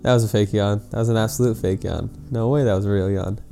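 A man's voice: on the low side, steady tone, quick pace, gravelly, dark tone, soft background music. A young man co-hosting a podcast, answering his partner's teasing with dry, exasperated complaints. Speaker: podcast co-host. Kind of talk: casual podcast banter.

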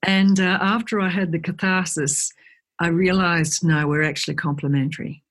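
A woman, a guest speaker chatting in an interview and telling lively stories, acting out the voices of people she quotes. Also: lowish voice, normal speed. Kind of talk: conversational interview.

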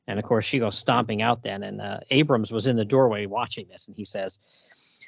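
A man casually recapping a comic story on a podcast. He laughs often and reads the characters' lines in quick put-on voices. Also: on the low side, fairly even intonation, creaky, dry recording. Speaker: podcast co-host.

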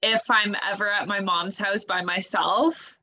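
A young woman co-hosting a podcast, telling a story in animated casual chat. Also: mid-range voice, a little slow, rough recording. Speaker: podcast co-host.

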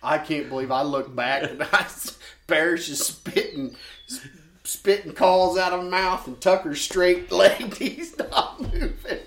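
Animated male guest, echoey room. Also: a little high, a little slow. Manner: animated, laughing storyteller. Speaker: podcast guest. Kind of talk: casual storytelling chat. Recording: roomy with faint noise.

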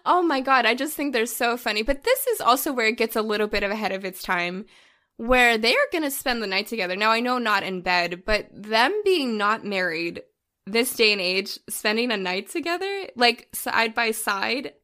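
A woman's voice: a little high, animated, normal speed, pushed and bright. A woman co-hosting a casual film podcast, gushing and laughing as she retells scenes and acts out quoted lines. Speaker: podcast co-host. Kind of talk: casual chat.

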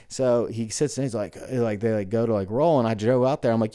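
A man's voice: on the low side, moderate pace, warm tone, dry recording, clean studio sound. A man who runs a gym and coaches, telling a story in a casual rambling monologue, full of "like" and acted-out dialogue. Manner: rambling, frequent "like" fillers, acts out quoted dialogue.

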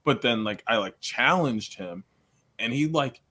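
A young man co-hosting a podcast, telling a long story in loose, casual chat. He laughs a lot and fills his talk with "like" and "you know". His voice sits in an ordinary middle pitch. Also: expressive, unhurried, sharp tone, slightly rough. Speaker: podcast co-host; coach.

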